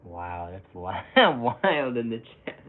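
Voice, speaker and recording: A man's voice: medium pitch, very animated, slow. A young man streaming live, rambling casually and self-mockingly while reacting to chat comments, often chuckling. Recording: tinny phone-like audio with faint hiss.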